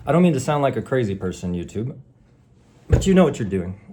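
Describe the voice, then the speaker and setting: A man's voice: medium pitch, very animated, fairly quick, mellow, slightly rough. A man delivering a sarcastic, exasperated rant straight to camera, talking to an unseen listener. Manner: sarcastic, exasperated, addresses the algorithm directly. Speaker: vlogger. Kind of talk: ranting monologue to camera.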